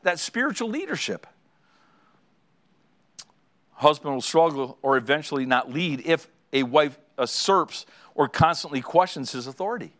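A man's voice: fairly high pitch, a bit bright. A middle-aged man preaching a sermon as a pastor, earnest and exhorting, driving points home with repeated phrases.

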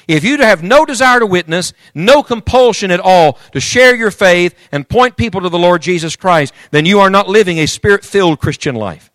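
Fervent preacher, emphatic and hushed by turns. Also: male voice, high-pitched, animated, normal speed, dry recording. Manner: swings between loud emphatic declarations and hushed intimate storytelling; reads scripture aloud in King James wording. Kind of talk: sermon.

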